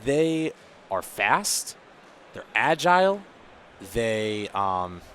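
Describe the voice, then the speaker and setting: A man's voice: mid-range voice, very animated, extremely slow, a bit bright, a little hiss or hum. A man commentating a tabletop tournament in a casual, joking way, reading rules and explaining them in detail.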